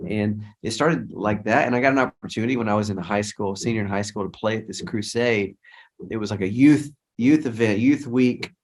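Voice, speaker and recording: Low-voiced man telling a rambling story. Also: fairly quick. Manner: rambling, repeats and restarts, quotes others in speech. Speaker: interview guest, worship leader. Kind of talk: casual storytelling interview.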